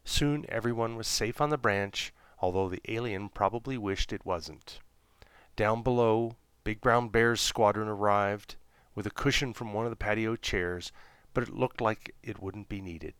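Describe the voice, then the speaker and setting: A man reading a serialized children's story aloud in a gentle, unhurried storytelling manner. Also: on the low side, clean tone, no echo. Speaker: narrator.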